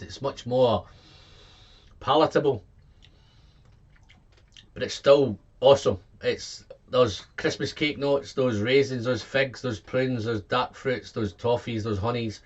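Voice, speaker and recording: A man giving a casual whisky tasting review, excitable and quick to exclaim, reeling off tasting notes and repeating his words. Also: mid-range voice, husky, muffled recording.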